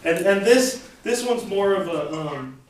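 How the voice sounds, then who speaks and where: A woman's voice: medium pitch, expressive, a little slow. A woman teaching a casual class in a playful way, laughing often and acting out her examples. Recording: echoey noisy room from far off.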